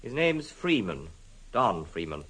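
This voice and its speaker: An actor playing an anxious, formal gentleman worried about his look-alike cousin, in an old radio drama. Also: lowish voice, big pitch swings, slow, slightly rough, full character voice, low-quality recording. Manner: hesitant, earnest, formal. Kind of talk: 1950s radio drama acting.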